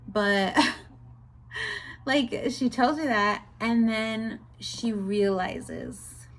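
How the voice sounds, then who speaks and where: A young woman chatting casually in a book review vlog, retelling scenes with animated, exasperated commentary. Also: mid-range voice, slow. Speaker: book vlogger.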